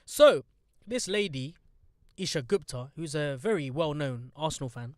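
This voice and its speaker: A man's voice: a little high, expressive, normal speed, darkish tone, no echo, clean studio sound. A young man hosting a casual podcast, blunt, sarcastic and swearing freely. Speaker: podcast host.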